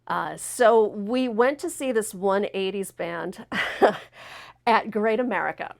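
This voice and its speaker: A woman host tells a wild story from her own past on a talk show. She is lively and acts out the people she quotes. Her voice sits in a middle pitch. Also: slow, gravelly.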